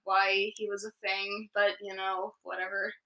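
A woman's voice: medium pitch, flat delivery, measured pace, bright, forceful tone, echoey room, rough recording. A young woman hosting a casual chat, rambling enthusiastically as a fan and asking her friends questions.

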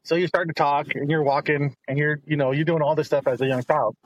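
A man's voice: on the high side, fairly even intonation, a little fast, no room sound. A middle-aged man, the host's father, telling family stories in a casual, rambling way, often repeating words as he goes. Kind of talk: casual storytelling.

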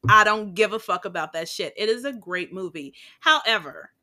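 This podcast co-host has an expressive mid-range voice, bright and forceful, at normal speed. She keeps the conversation casual yet blunt and profane, laughing a lot and drifting into tangents.

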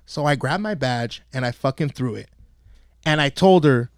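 A man's voice: medium pitch, animated, moderate pace, dry recording, studio quality. A man hosting a podcast and telling a profane, comedic story, swearing constantly and acting out the quotes as he goes. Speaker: podcast host and youth football coach. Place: podcast studio.

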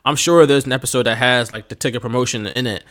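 A man with a Philadelphia accent co-hosting a podcast in casual, animated chat, laughing often and talking slangy. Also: medium pitch, fast talker. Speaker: podcast co-host.

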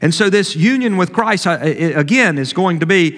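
A man's voice: high-pitched, lively intonation, moderate pace, fairly bright tone, big-room sound. A man preaching a sermon as pastor, emphatic, stressing and repeating key phrases.

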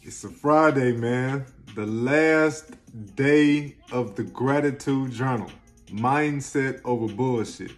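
Brief: man, slangy motivational vlog host, mid-pitched, light music under him. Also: takes it slowly. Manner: energetic, slangy, emphatic, swings between loud and soft. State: close to tears at times. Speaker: self-help video host. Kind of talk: motivational casual talk to camera.

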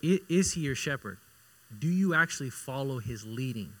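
Pastor guy preaching, bright forceful tone, gets loud then drops real quiet, repeats stuff. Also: mid-range voice, lively intonation, normal speed, rough recording. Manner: swings between loud emphatic bursts and quiet intimate asides; conversational, repeats himself for emphasis. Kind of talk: sermon.

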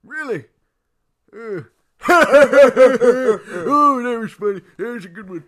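A man's voice: extremely high pitch, lively intonation, slow pace, fairly bright tone, heavily acted. A man playing a forgetful old man who co-hosts a podcast, rambling goofily and losing his train of thought in an improvised comedy sketch. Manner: goofy, rambling, easily sidetracked. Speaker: podcast co-host.

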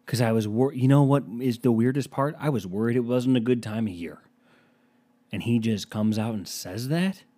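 A man's voice: medium pitch, normal speed, dark tone. Exasperated profane storytelling man. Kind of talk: storytime rant.

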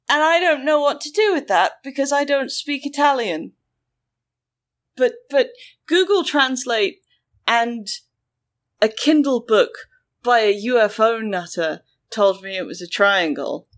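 A woman hosting a chat podcast, telling a story in an animated, sarcastic way and acting out quotes. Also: fairly high pitch, measured pace, pauses often.

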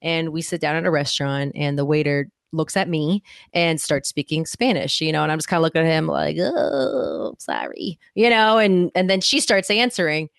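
Brief: female guest, deep low voice, blunt storyteller, dry close mic. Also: fairly even intonation, a little fast, vocal fry, few pauses, clear, resonant tone, dry recording. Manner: direct and candid, telling stories with laughter. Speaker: podcast guest. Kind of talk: casual podcast conversation.

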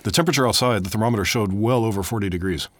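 Fast-talking deadpan American man. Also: on the low side, no echo. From United States. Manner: deadpan, ironic jokes. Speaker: podcast co-host. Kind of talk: joking casual chat. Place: recording studio.

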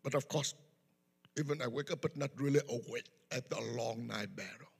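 A man's voice: medium pitch, brisk, gravelly, slightly rough. A man preaching a testimony in simple, non-native English, recorded with echo in a church hall. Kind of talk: sermon testimony storytelling.

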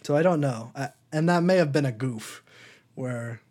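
A young man rambles through a casual movie chat on a podcast, full of ums and likes. He keeps slipping into a high mocking voice to act out lines. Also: normal speed, a little mellow. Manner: rambling, lots of fillers, acts out silly quotes in a high voice. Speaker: podcast co-host.

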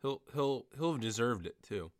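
A young man co-hosting a podcast, delivering dry, absurd jokes in a deadpan way. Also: medium pitch, moderate pace. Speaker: podcast co-host. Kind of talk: casual chat.

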